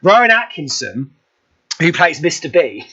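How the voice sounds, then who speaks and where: Male radio host, high and bright, chatty storyteller who laughs a lot, dull lo-fi sound. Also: sing-song, measured pace, slightly rough. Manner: chatty anecdote-telling, laughs often. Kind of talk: casual radio chat.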